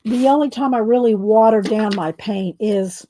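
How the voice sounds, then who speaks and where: A woman talking casually through a mixed-media craft tutorial, hoarse and losing her voice, often clearing her throat and muttering to herself as she paints. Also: fairly high pitch, lively intonation, slow pace, dark tone, a little hiss or hum. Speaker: mixed-media art creator.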